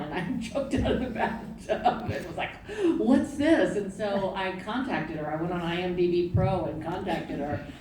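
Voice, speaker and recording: Low-voiced woman in an echoey theater. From New Orleans, US South. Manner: animated, laughing storyteller. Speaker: actor on a panel. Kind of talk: casual panel talk. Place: theater stage. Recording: echoey theater, distant mic, noisy.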